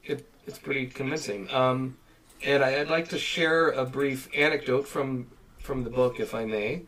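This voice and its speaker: A man's voice: medium pitch, steady tone, moderate pace, fairly bright tone, poor audio. A man co-hosting a casual chat, telling a long story with many fillers and restarts. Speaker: podcast co-host.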